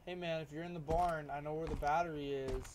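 A man's voice: fairly high pitch, fairly even intonation, brisk. A young man commenting casually on his gameplay as the monster, grumbling and taunting as he calls out to the players he is hunting. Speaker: gamer playing the monster. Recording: loud background noise over the voice.

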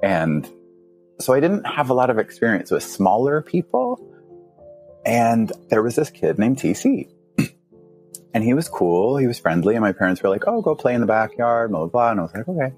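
At a normal speed and over soft background music, a male podcast guest tells an animated, casual story. He laughs often and pitches his voice up when acting out his younger self.

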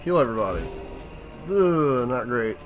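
An excitable man gives casual commentary while he plays a game, and his voice swings widely in pitch. He swears loudly at every setback. Faint game music runs underneath. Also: moderate pace. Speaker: let's play host.

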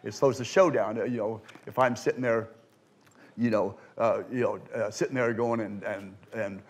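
A man speaking to a student audience as a card magician, telling stories with halting restarts and acting out the quoted voices. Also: fairly low pitch. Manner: animated storyteller, acts out quoted voices; halting restarts and repeated words. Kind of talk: storytelling lecture with Q&A. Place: lecture room before a student audience.

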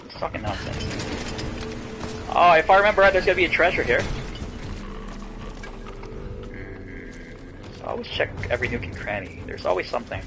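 A young man hosting a let's play, joking and breaking into loud exclamations as he plays. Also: medium pitch, sing-song, brisk, creaky. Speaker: gaming channel host. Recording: game music playing behind.

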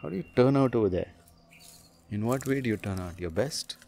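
A male spiritual teacher speaks in an animated, blunt and casual way. He laughs often and addresses the listener as man or dude. His voice sits in an ordinary middle pitch. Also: fairly quick, creaky.

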